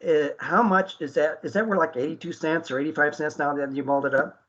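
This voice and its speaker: A man's voice: a little high, fast, fairly bright tone, lo-fi sound. A man hosting an internet radio talk show, speaking earnestly with many fillers and restarts.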